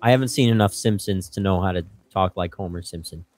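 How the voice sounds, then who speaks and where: A man's voice: low voice, fast, darkish tone, no echo. A man chatting playfully and goofing around with friends while they play a game. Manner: playful, goofy. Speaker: gamer. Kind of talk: casual chat while gaming.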